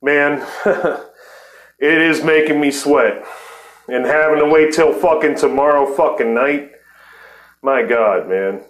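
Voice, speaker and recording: A man's voice: on the high side, slow, pauses often. A man in his forties hosts a podcast in a loose, heated way, swearing constantly and breaking into laughter. His voice rings out in a roomy, echoing space. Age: 40s. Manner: heated, cursing, laughing often. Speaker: podcast host. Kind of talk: profane casual chat.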